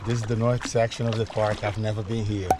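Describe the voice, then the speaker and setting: A man's voice: on the low side, level tone, a little fast. A man narrating his solo canoe trip in a casual vlog, talking to himself and hyping himself up as he paddles outdoors. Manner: upbeat, self-talk, hyping himself up. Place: outdoors on a lake and river in a canoe. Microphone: camera mic. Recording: wind-battered dull outdoor camera audio. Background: wind and water noise.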